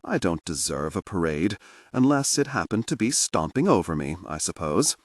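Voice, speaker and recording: A man's voice: low-pitched, big pitch swings, moderate pace, no echo, clean studio sound. A man voicing an eager, self-deprecating young crown prince in an audiobook. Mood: self-mocking.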